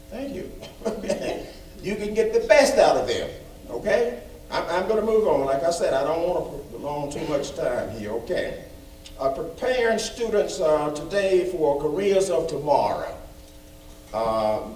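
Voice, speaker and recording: A man's voice: on the high side, a little mellow, slight background noise. A man giving an emphatic, folksy report at a school board meeting, repeating phrases for stress. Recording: echoey room, far from mic.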